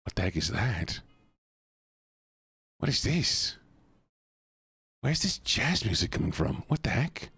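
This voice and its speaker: A male streamer with a lowish voice that swings widely up and down as he talks. He chats loosely and jokes with his audience, recorded dry and close with no room sound. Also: very animated, slow pace, gravelly, long pauses, bright, forceful tone, slightly rough, no echo. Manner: rambling, chatty, joking with viewers. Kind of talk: casual live-stream chat.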